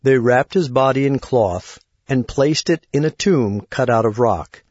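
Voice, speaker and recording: A man reading a Bible story aloud in a measured, plain way. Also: medium pitch, a little mellow, slightly rough, no echo. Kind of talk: scripted Bible story narration. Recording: dull lo-fi recording.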